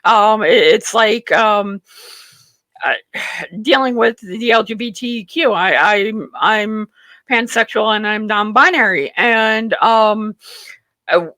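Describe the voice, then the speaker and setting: A mid-pitched host with a bright, edgy tone, recorded dry and close. The host talks politics in a halting, agreeable way, often restarting sentences. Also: dry recording. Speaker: talk show host. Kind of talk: political discussion.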